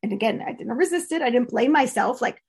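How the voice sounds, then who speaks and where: A woman's voice: on the high side, expressive, fast talker, creaky, slightly rough. A woman coaching listeners in a casual, earnest, candid talk, laughing often. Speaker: coach teaching a course.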